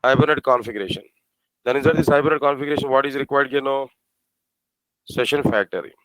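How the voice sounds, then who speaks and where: A man teaching a programming class, asking his students rhetorical questions and spelling out code slowly. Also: medium pitch, fairly bright tone, dry recording, poor audio. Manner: asks the class rhetorical questions, repeats phrases. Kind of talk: live coding lecture.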